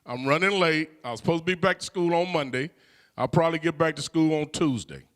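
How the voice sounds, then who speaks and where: A middle-aged Californian man, appearing as a guest, tells his personal life story conversationally and often says "you know." His voice is a little high and a bit bright, and he talks fast.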